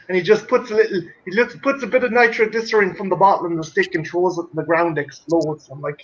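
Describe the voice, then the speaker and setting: A man's voice: high-pitched, fairly even intonation, fast talker, hardly any pauses, highs cut off. A man on a casual podcast chat, telling stories in an enthusiastic way and swearing freely.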